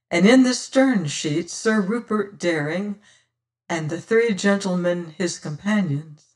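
Slow, measured audiobook narrator. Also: mid-range voice. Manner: measured, archaic period phrasing. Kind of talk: first-person storybook narration.

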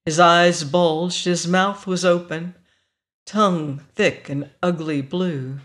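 A narrator reading a short story aloud in a measured, even way. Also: mid-range voice. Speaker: audiobook narrator.

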